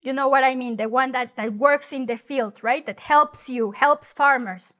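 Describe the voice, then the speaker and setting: A woman with a Mexican accent gives a loose, conversational Spanish lesson, speaking in English. Her voice sits high, and she keeps things lively by acting out the phrases she explains. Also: moderate pace. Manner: chatty, animated, acts out mocking exaggerated voices. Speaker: Spanish teacher. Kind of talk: casual spoken lesson.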